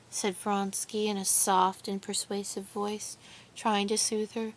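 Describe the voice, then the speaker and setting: Slow, measured woman audiobook narrator. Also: medium pitch, little pitch movement. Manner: measured, deliberate reading. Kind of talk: scripted narration.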